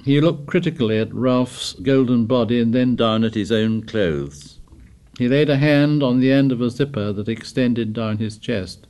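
An audiobook narrator with a mid-range voice reads a novel aloud as scripted narration, telling the story in a measured, even manner.

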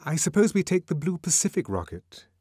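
A man's voice: a little high, big pitch swings, fairly quick, warm tone, breathy edge, dry recording, clean studio sound, voice pushed up. A man voicing a breezy, coaxing young woman.

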